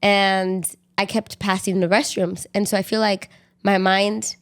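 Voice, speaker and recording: A young adult woman co-hosts a podcast in easy casual chat. She tells her story in an animated, rambling way, full of fillers. Her voice sits at an ordinary middle pitch. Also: unhurried, smooth. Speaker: podcast co-host.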